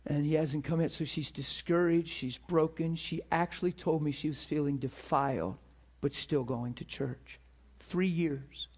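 A man preaching a sermon, telling stories in an animated, emphatic way and acting out the people he quotes. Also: fairly high pitch, measured pace, hardly any pauses, husky. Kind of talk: sermon storytelling.

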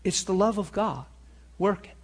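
A pastor preaching a sermon and telling personal stories in an earnest way, sometimes dropping soft and sometimes rising loud. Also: male voice, high-pitched, animated, normal speed. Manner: earnest storytelling, swings from soft confessional to loud emphatic.

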